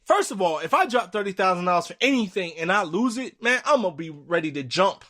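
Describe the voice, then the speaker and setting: A man hosting a podcast, telling a story in a casual, animated way and acting out the people he quotes. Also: fast. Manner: animated, acts out quotes with jumps in pitch, swears freely. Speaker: podcast host.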